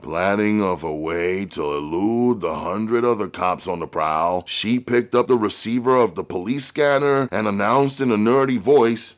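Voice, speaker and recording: A man narrating an action novel aloud in a measured way that climbs on dramatic moments. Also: fairly low pitch. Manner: measured, rising on action beats. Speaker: audiobook reader.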